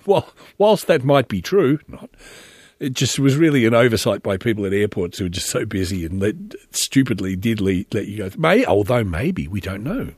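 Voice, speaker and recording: A man's voice: lowish voice, expressive, moderate pace, darkish tone, slightly rough, no room sound. A middle-aged man, hosting a podcast and rambling through a sardonic solo commentary full of joking asides. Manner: sardonic, meandering, jokey asides. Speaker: podcast host.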